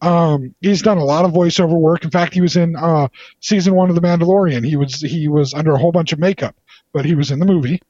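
A man's voice: a little high, fast talker, warm tone, no room sound. A man chatting casually about movies, enthusiastic and rambling, with playful teasing. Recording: slightly dull lo-fi sound.

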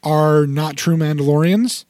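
A man's voice: fairly high pitch, a little slow, a little mellow, no room sound, studio quality. A man co-hosting a casual podcast chat, explaining things at length with frequent restarts. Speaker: podcast co-host.

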